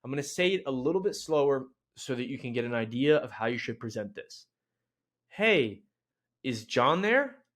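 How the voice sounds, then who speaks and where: A man giving a sales training lesson in a blunt, casual, energetic way, with mild swearing. He acts out phone lines with a bright, rising tone. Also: medium pitch, fast talker, hardly any pauses. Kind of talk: instructional video talk.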